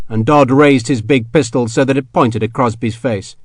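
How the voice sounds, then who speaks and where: A man reading an audiobook in a steady, measured manner, his voice pitched in an ordinary middle register. The recording is dry and close, with no room sound. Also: dry recording. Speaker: audiobook narrator. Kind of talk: scripted narration.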